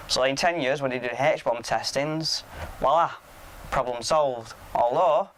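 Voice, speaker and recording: A man's voice: mid-range voice, fairly bright tone. Rambling sweary man recapping. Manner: rambling, sweary, mock-incredulous. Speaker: podcast host reviewing a film. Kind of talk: casual film recap chat.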